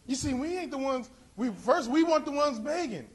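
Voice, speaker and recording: Male preacher, very high voice, impassioned delivery that climbs into shouting. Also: animated. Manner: impassioned, rising to shouts, drawn-out emphasis. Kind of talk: sermon.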